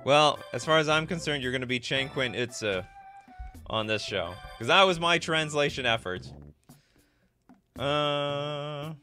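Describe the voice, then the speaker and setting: A man from Winnipeg, Canada, hosts a casual live stream, animated and jokey, thinking aloud as he reads viewer messages from the chat. He speaks unhurriedly in a slightly high voice over soft background music.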